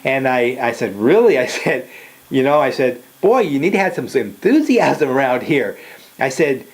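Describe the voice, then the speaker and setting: A man's voice: medium pitch, expressive, moderate pace. An older man giving a casual motivational talk in a direct manner, often checking in with "okay?" and "you know.". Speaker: motivational speaker.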